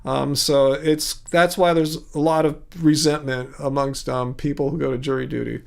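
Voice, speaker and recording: A middle-aged man from California hosts a casual livestream, chatting back to viewers' comments in a loose, halting way. His voice sits a little high for a man, and he sounds worn out, trailing off and laughing between thoughts. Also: flat delivery, gravelly. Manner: rambling, halting, laughs often, reads comments aloud. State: mentally tired. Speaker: livestream host reading chat.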